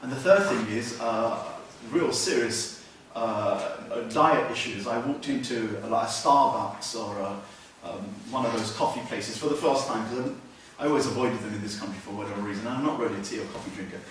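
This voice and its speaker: A man giving a humorous, anecdotal lecture in a mosque, telling stories with lively swings in volume. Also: medium pitch, moderate pace, slight background noise. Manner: storytelling, humorous asides, lively shifts in volume. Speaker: Islamic lecturer. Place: mosque hall. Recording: very echoey hall, distant mic.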